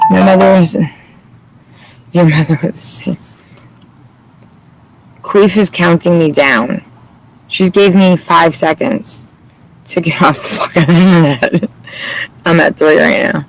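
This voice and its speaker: Gravelly, profane livestreamer man. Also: fairly high pitch, measured pace, pauses often, slight background noise, rough recording. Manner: rambling, profane, laughs often. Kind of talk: casual livestream chat.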